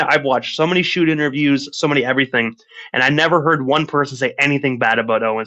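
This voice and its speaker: A man's voice: a little high, bright, forceful tone, muffled recording. A man hosting a radio interview, enthusiastic and asking follow-up questions. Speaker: radio host. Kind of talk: casual interview.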